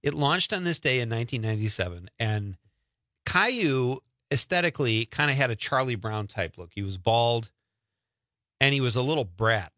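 A middle-aged male radio host talking casually in the studio, his voice bright and lively, bouncing all over his pitch. He sounds opinionated and laughs easily, close to a dry microphone. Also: moderate pace, no room sound. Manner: animated, opinionated, laughs often. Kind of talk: casual talk radio banter.

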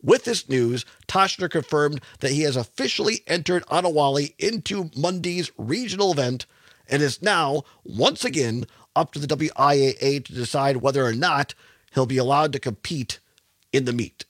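A man's voice: fairly high pitch, lively intonation, normal speed, a bit bright, dry recording. A man in his fifties hosting a call-in radio talk show, chatting with callers and reading local news aloud. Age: 50s. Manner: chatty, repeats phone number, reads news aloud.

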